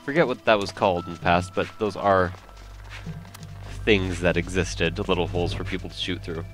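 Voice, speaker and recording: A young man with a low voice rambles through gameplay commentary, thinking aloud as he builds. He drifts into half-remembered trivia and teases himself. Faint game music plays behind him. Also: fairly even intonation, normal speed, fairly bright tone. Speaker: let's play gamer.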